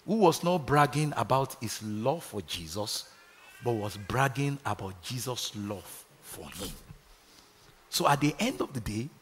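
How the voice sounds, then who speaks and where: A man's voice: mid-range voice, expressive, measured pace, a bit bright, long reverb tail, slight background noise. A Nigerian man preaching a sermon, calling out to his congregation for responses. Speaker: pastor. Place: large church hall.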